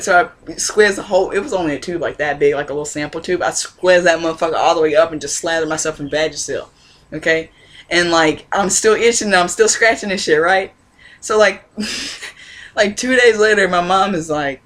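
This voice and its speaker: Vlogger, young woman, lowish voice, cusses a lot, laughs through her stories. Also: normal speed, a bit bright. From Indiana, USA. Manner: profane, blunt, laughs often. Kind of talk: casual storytelling monologue.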